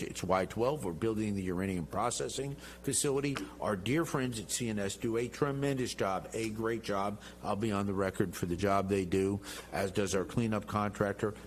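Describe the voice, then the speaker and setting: A middle-aged man speaks in a somewhat low voice, emphatic and jovial, plainly proud of his own standing. He is a guest on a studio interview show. A faint electrical hum sits under the recording. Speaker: congressman, guest. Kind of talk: interview talk.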